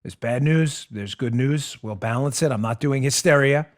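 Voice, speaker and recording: A man hosting a political talk show, delivering an emphatic monologue straight to his listeners, dropping low and quiet and then building up loud. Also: moderate pace. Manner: emphatic, swings between hushed and raised; addresses listeners directly.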